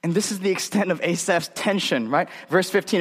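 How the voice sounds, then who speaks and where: A man's voice: sits high, fairly quick, hardly any pauses, slightly rough, big-room sound. A male pastor preaching a sermon in a conversational way, often checking in with tag questions.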